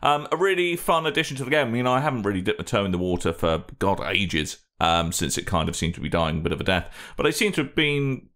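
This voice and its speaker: A British man chats on a gaming podcast in a rambling, jokey way, tossing in plenty of ums. His voice sits fairly low, but his pitch swings around a lot as he talks. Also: sing-song, fast talker, hardly any pauses, a bit bright. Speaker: podcast co-host. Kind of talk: casual podcast chat.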